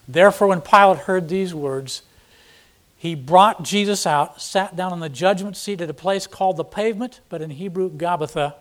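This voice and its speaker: A man's voice: sits high, normal speed. A man preaching a sermon, reading scripture and explaining it in blunt, plain paraphrase, with dramatic emphasis on quoted lines. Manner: dramatic, acting out quoted speakers with sudden loud emphasis. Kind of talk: expository sermon.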